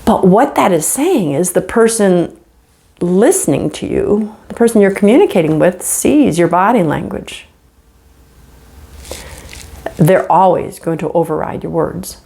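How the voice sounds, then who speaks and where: A woman teaching relationship skills straight to camera, emphatic and animated, often checking in with "right?". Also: fairly low pitch, measured pace, creaky, pauses often. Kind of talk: direct-to-camera teaching talk.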